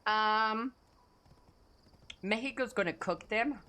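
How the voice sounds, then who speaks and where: A woman's voice: on the high side, slow pace, sharp tone, a little hiss or hum. A young woman streamer chatting casually with her live chat, reading messages aloud, answering offhand and swearing freely.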